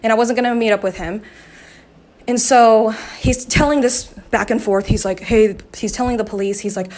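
A woman's voice: mid-range voice, steady tone, moderate pace, darkish tone. A podcast host, a woman, shaken and upset, recounting a confrontation with agitated swearing. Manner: agitated, swearing, quoting others in raised voice. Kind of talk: angry personal story.

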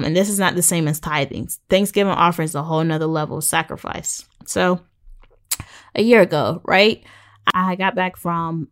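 A woman's voice: sits low, clear, resonant tone. A woman in her twenties talking earnestly and a bit tiredly about her faith, rambling with many fillers and restarts. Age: 20s. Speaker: podcast host. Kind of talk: faith-based personal talk.

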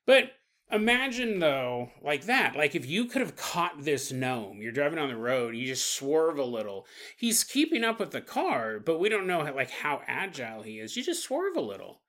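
A male podcast host riffs in a loose, comedic monologue, laughing as he goes. His pitch swoops all over, and his tone is bright and forward. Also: moderate pace. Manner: animated, laughs often, acts out silly voices.

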